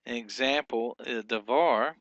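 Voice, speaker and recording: A man teaching a recorded lesson, explaining patiently with fillers and slowly drawn-out example sounds. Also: mid-range voice, a bit bright, no room sound, dull audio.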